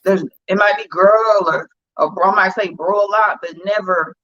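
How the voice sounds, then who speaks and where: A woman's voice: mid-range voice, fairly quick, a bit bright. A woman telling a story in casual chat on a livestream, blunt and profane. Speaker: guest. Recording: dull lo-fi livestream audio.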